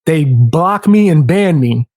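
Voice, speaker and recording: A man's voice: fairly high pitch, lively intonation, slow, a crowd in the background. A man hosting a casual podcast chat, telling stories animatedly and acting out quotes in a raised voice. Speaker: podcast host.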